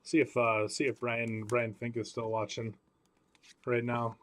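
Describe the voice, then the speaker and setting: On his live card break stream, a man chats with viewers by name as he calls out every card pulled. His medium-pitched voice is level, a bit bright and a little slow.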